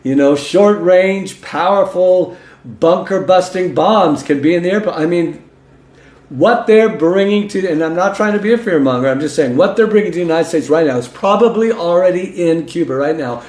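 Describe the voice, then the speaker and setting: His voice sits high and a little mellow, moving at a normal speed. In a room with noticeable echo, this male host reads the news and breaks in with his own folksy, emphatic commentary, tossing in "okay?" and "listen to this."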